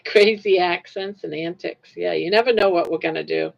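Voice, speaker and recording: A woman's voice: fairly low pitch, normal speed, gravelly. An older woman host chatting casually with livestream viewers while crocheting, rambling and laughing easily. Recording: lo-fi livestream audio.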